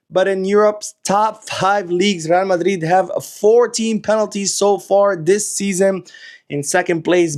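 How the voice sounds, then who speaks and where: A man hosting a football news live stream from away while he travels, lively and sarcastic in his asides. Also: a little high.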